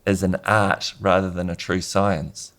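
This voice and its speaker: A man with a New Zealand accent, a medical researcher answering interview questions in a good-humoured, measured way. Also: low-pitched, little pitch movement, fairly bright tone.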